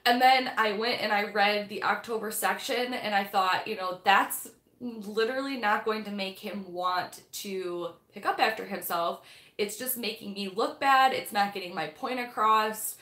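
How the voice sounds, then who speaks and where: A woman's voice: medium pitch, a little slow, bright, forceful tone. A young woman hosting a casual live-stream book club, rambling and chatty with lots of fillers. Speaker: livestream host of a book club. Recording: echoey room.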